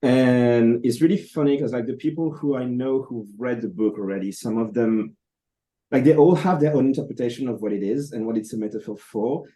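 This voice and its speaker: A man, a comic book creator, answering interview questions over a video call in a thoughtful, halting way with many fillers and restarts. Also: medium pitch, mellow.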